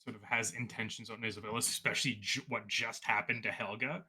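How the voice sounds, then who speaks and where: A man's voice: lowish voice, steady tone, fast, bright, forceful tone, husky. A man playing a character in a tabletop role-play, describing what she does in a hesitant, hedging way. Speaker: player.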